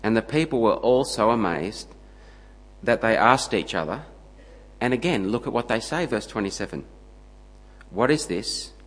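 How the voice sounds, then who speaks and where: A man preaching a sermon, emphatic and steady, building his points into punchy lists. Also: fairly low pitch, moderate pace, in a large hall, rough recording.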